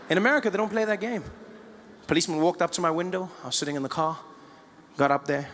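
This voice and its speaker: Fields: male comic, high voice. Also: rapid-fire, long reverb tail, slight background noise. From South Africa. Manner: animated, stammering retellings. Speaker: stand-up comedian. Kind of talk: stand-up storytelling.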